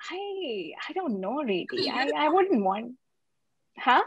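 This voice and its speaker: A woman answering questions on a video call, unsure and halting. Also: sits high, very animated, no room sound, dull audio. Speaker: panel guest. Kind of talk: casual video call chat.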